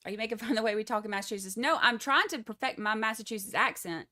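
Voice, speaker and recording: A woman's voice: on the high side, very fast, pushed and bright. Chatty Texan woman livestreaming commentary. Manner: chatty, joking asides to viewers. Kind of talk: casual live-stream commentary.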